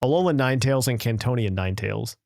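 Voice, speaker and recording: A man's voice: mid-range voice, racing, creaky, a little mellow, no echo, studio quality. A man hosting a casual podcast, reading a listener's email aloud in a playful, jokey way and tripping over words now and then.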